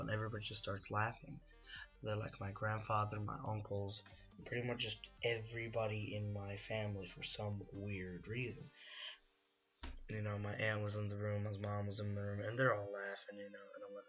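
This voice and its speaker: A man's voice: lowish voice, moderate pace, sharp tone, highs cut off, soft background music. A young man telling a long, rambling personal story in a casual way, packed with "you know" and "like", as the host of a gaming video. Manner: rambling, full of "you know" and "like", laughs at his own story. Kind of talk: casual storytelling over gameplay.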